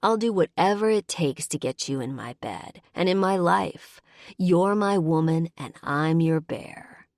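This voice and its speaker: A woman's voice: measured pace, darkish tone, no room sound, clean studio sound. A woman voicing a possessive werebear man. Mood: teasing. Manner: low, commanding, teasing. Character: big possessive male werebear lover.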